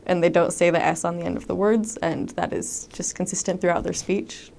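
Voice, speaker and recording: A young woman recounts her missionary experiences in a relaxed, conversational way. Her voice sits a little low, and she peppers her talk with ums and lively quoted asides. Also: brisk, vocal fry, a little hiss or hum. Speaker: returned missionary. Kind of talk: casual storytelling monologue.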